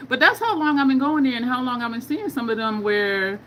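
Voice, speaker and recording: Brisk and expressive, this middle-aged woman has a slightly high, somewhat bright voice, captured in a low-quality recording with a little hiss or hum. She hosts a beauty video, chatting casually live with viewers as she applies makeup and tells stories with asides.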